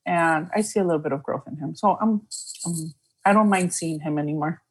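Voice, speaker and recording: A woman co-hosting a podcast in casual chat, talking in an excited, emotional way and laughing often. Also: deep voice, fairly quick, husky. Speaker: podcast co-host.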